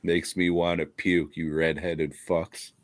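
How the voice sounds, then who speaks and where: A man co-hosting a comedy podcast, swearing through mock rants. His voice sits low and he takes his time. The banter stays loose and jokey. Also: flat delivery, slow. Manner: profane, mock-ranting. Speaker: podcast co-host.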